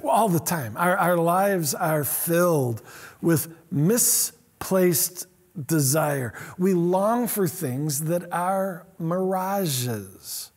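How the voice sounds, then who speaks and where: A middle-aged man preaching a sermon as pastor, animated, often acting out the quotes he reads. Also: on the high side, extremely slow.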